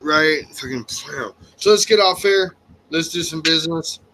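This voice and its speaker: A man's voice: on the high side, a little slow, pushed and bright, poor audio. Laid-back man co-hosting a stream. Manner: laid-back, laughing, profane. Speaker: co-host. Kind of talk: casual banter on a livestream show.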